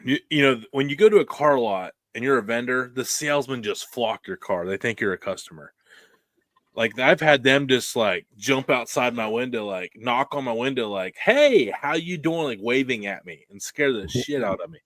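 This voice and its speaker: A man's voice: mid-range voice, moderate pace, a bit bright, no echo. A man, co-hosting a podcast, telling a story in casual chat and acting out the voices he quotes. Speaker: podcast co-host.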